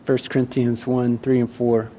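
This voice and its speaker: A man leading a church service as pastor, reading scripture aloud in a steady, measured way. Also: medium pitch, a little hiss or hum. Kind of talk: sermon.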